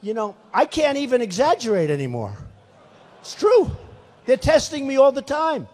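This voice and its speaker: Older guy in his 60s doing a rambly rally speech, pretty high voice, lots of repeating, echoey big hall. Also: sing-song, moderate pace, a little mellow. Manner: rambling, repetitive, emphatic. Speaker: political candidate. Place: large venue. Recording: reverberant hall.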